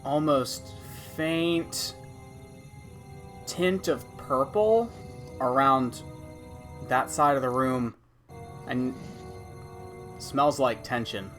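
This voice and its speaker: A man running a tabletop game as game master, describing scenes slowly with pauses. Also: mid-range voice, a bit bright, soft background music.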